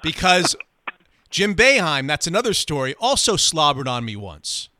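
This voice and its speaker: Bright-voiced male sports radio host. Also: fairly high pitch, slight background noise. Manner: animated, quick anecdote telling.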